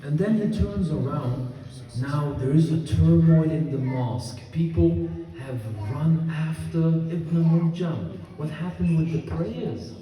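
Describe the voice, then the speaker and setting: Slow, echoey preacher man in a hall. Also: a little high, warm tone. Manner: storytelling, asks the audience rhetorical questions. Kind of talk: sermon. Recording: echoey hall from far off, crowd audible.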